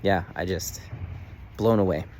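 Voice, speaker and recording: A man in his thirties talking casually to the camera in a daily video diary, earnest and animated, full of "like" fillers. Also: low-pitched, measured pace, slight background noise. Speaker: vlogger.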